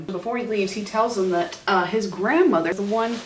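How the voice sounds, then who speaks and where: A woman's voice: mid-range voice, fairly quick, reverberant, recorded from a distance, slight background noise. A young woman casually recapping a TV series; chatty, swears freely and acts out the lines. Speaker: YouTube host recapping a TV series.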